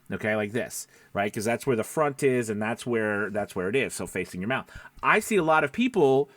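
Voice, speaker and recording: A man teaching voice actors about microphones in a casual tutorial, animated and rambling, with many fillers and restarts, speaking close into a broadcast mic. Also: on the high side, no room sound. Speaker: voice actor coach. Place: small home room, door open. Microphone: dynamic broadcast mic, close up.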